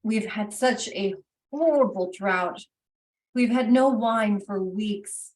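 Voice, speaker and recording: A woman's voice: mid-range voice, slow pace, lightly acted. A woman voicing a grateful, formal male wereraven winemaker, recorded roomy and from a distance. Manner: polite, formal and heartfelt.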